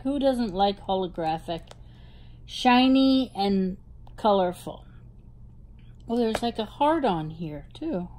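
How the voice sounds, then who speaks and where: Jersey-accent lady showing off her hobby haul, slow and gushy, kinda high voice. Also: a little mellow. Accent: New Jersey. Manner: gushing, delighted over cute little things. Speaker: hobby vlogger. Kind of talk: casual show-and-tell unboxing.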